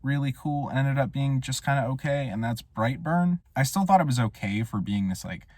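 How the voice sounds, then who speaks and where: A man giving a casual, rambling film review monologue with wry, deadpan humor. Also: medium pitch, normal speed, no room sound. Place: Portland area.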